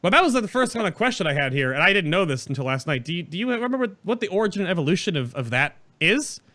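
A man's voice: sits high, big pitch swings, fast, pushed and bright. A man hosting a podcast in casual chat, rambling and chatty, often restarting his sentences. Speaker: podcast host. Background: background music.

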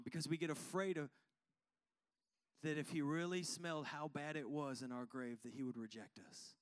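A man preaching a sermon, fervent and chatty, calling out to the congregation and swinging from hushed tones to loud ones. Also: on the high side, steady tone, normal speed. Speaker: pastor.

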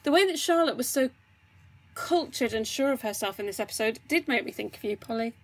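A woman's voice: a little high, animated, brisk, crowd noise. A woman co-hosting a podcast in casual chat, teasing and giggly as she recaps an episode. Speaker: podcast co-host.

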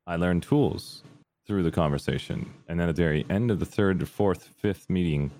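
Very deep-voiced young man, rambling. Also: normal speed, mellow. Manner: rambling and candid, many fillers and restarts. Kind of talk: casual personal storytelling.

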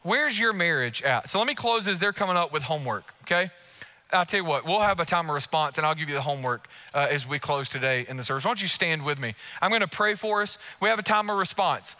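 Bright-voiced, impassioned male preacher. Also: on the high side, expressive, fast. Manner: impassioned, emphatic preaching with repeated phrases; acts out quoted prayers and listeners' thoughts. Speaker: pastor. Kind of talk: sermon.

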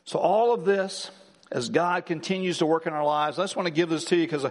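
Fervent pastor in a reverberant church. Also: male voice, a little high. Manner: builds to emphatic, rising lines, then slows and softens. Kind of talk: Christmas service sermon. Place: church sanctuary.

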